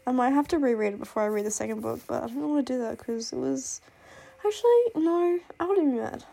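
In a high, mellow voice with vocal fry, a young woman speaks fairly quickly and expressively about books she loves. Coughing from illness, she rambles and gushes through a casual book-vlog chat, saying "like" and "oh my god" constantly.

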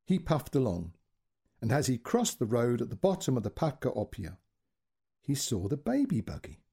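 Husky, expressive male storyteller. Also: medium pitch, moderate pace. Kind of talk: short story reading.

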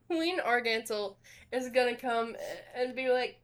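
A woman's voice: on the high side, a little slow. A woman from the American South with a Southern accent, running a tabletop game in giggly, chatty banter. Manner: giggly, chatty, lots of filler "like". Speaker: game master. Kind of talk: casual tabletop game chat.

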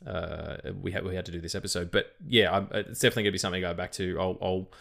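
A man's voice: deep voice, steady tone, very fast, creaky, fairly bright tone. A man co-hosting a film podcast, talking in a rambling, casual way, full of restarts and swearing. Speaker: podcast co-host. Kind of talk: casual chat.

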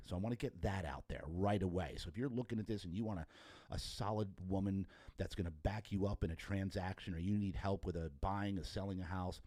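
A very low-voiced man hosts a podcast, talking in a loose, rambling way full of restarts and praise for his guest. The sound is close and dry, with little room around it. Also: dark tone, no room sound. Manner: rambling, enthusiastic, many restarts; effusive and talkative. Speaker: podcast host. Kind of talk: casual interview.

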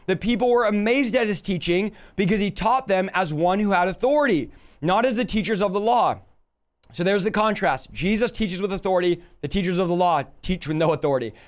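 A man's voice: sits high, a little fast. A man preaching a live-stream Bible teaching, emphatic and full of rhetorical questions to his audience.

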